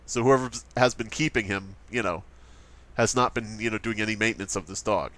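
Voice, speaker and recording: A man hosting a let's play, telling stories in casual chat, animated and swearing freely. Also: fairly low pitch, a little fast. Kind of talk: casual chat while gaming.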